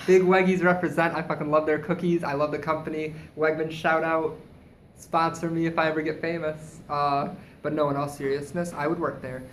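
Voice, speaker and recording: Brief: higher-pitched male co-host, animated storyteller, echoey room, faint hiss. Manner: animated, swearing anecdotes with acted quotes. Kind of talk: casual chat, storytelling.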